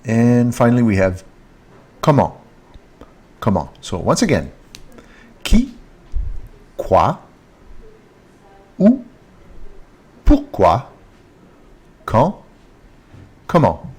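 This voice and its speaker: A man giving a casual French lesson, speaking slowly, repeating each French word and stressing it, recorded on a handheld mic. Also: medium pitch, big pitch swings, darkish tone, husky. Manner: slow, repeats French words with rising emphasis. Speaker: French teacher. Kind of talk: casual online language lesson. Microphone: handheld mic with earphone monitor.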